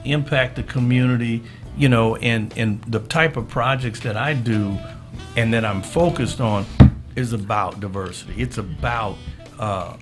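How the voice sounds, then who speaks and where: A man's voice: mid-range voice, measured pace, music in the background. A man in his fifties from Southern California, a guest in a casual interview, telling stories and acting out the voices of the people in them. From Southern California, USA. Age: 50s. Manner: animated storyteller, acts out quoted voices.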